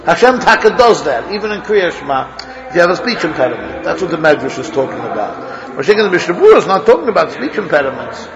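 A man's voice: on the high side, sing-song, quick pace, gravelly, dull audio. A man teaching a Torah study class as a rabbi, thinking aloud, asking his students questions and restarting his sentences often.

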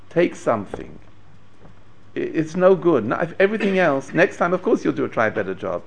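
A man's voice: mid-range voice, creaky. A man giving a Torah lecture as a rabbi, telling stories, acting out the quotes and chuckling now and then. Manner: animated storyteller, acts out quotes, chuckles. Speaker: rabbi teaching a class.

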